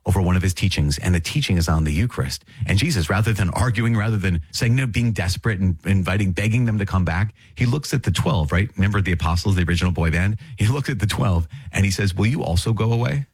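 Man, low voice, husky, dry close sound, earnest catechism teacher, chatty asides, repeats himself for emphasis. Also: fast, hardly any pauses, no room sound. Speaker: podcast host teaching the Catholic catechism. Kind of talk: casual teaching with read passages.

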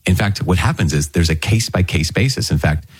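A man with a very low, husky voice preaches a homily as a priest. He talks in an earnest, conversational way, often restarting and adding asides. The sound is dry and close. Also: a little fast, no room sound. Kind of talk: sermon on scripture readings.

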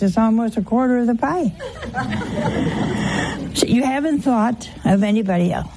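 A woman's voice: on the high side, moderate pace, noisy background. An older woman preaching a homespun sermon, folksy and wry, asking her listeners rhetorical questions and telling anecdotes. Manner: tells anecdotes with wry humor.

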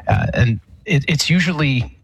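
Husky-voiced priest explaining patiently. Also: male voice, on the high side, lively intonation, rough recording. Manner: thoughtful, measured, with frequent fillers and restarts. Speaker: Eastern Catholic priest guest. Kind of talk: call-in radio answer, explanatory.

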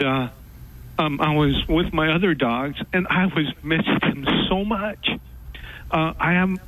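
A man calling in to a radio show, telling a story in a halting way with many pauses and fillers. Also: fairly high pitch, a bit bright, rough recording. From Texas. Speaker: caller. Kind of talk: call-in radio chat.

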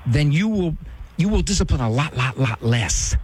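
A man's voice: on the high side, expressive, normal speed, darkish tone, slightly rough. A man hosting a call-in advice show, coaching a caller directly and bluntly. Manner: direct, coaching, acts out quoted voices. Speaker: radio advice show host.

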